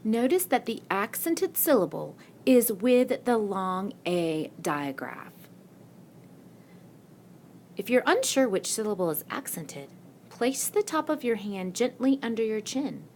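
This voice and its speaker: Slow, patient woman teaching spelling. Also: fairly high pitch, big pitch swings, a little mellow, slight background noise. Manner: slow, patient, asks and answers her own questions. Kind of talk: recorded spelling lesson. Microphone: screen-recording mic.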